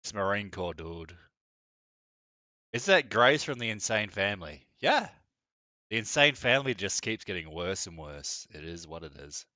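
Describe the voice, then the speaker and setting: A man's voice: sits low, very animated, moderate pace, sharp tone, no echo. A man streaming live, giving casual reaction commentary in a crude, mocking, joking way.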